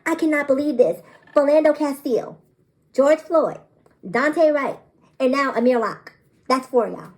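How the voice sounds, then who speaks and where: A woman vlogger with a slightly high voice, speaking straight to her audience. She is animated and emphatic, hammering points home by repeating them. Her tone is incredulous, and she breaks into disbelieving laughs. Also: normal speed, low-quality recording. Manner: emphatic, repeats phrases for effect. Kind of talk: direct-to-camera commentary.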